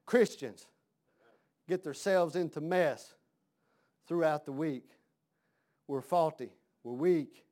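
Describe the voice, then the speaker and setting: A man's voice: fairly high pitch, slow, long pauses, a little mellow. A man preaching a sermon in a folksy, conversational way, asking his congregation questions.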